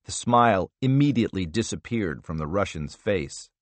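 A man reading a thriller audiobook in an expressive, measured narration style. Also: low-pitched, dry recording.

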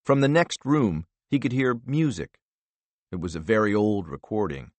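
A man narrating a thriller audiobook in a measured, low-key manner. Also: big pitch swings, a little mellow, no room sound. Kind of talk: scripted narration.

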